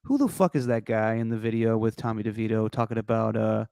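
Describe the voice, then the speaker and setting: A man's voice: fairly low pitch, fast, vocal fry, hardly any pauses, darkish tone, clear, resonant tone, no room sound, clean studio sound. A man co-hosting a sports podcast in casual chat, joking in a wry way. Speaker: podcast co-host.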